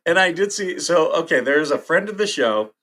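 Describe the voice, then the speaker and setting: A man's voice: on the high side, animated, a little slow, bright, forceful tone. A man hosting a casual livestream, chatting with viewers, reading headlines aloud and reacting with frequent laughs. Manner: chatty, laughs often, reacts to chat and news. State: hiccups. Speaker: livestream host.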